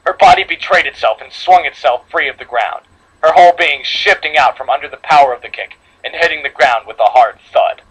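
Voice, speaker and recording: A man's voice: a little high, a little fast, fairly bright tone, slightly rough, rough recording. A man reading a horror fan story aloud to friends, dramatic, with slips and re-reads. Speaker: story reader.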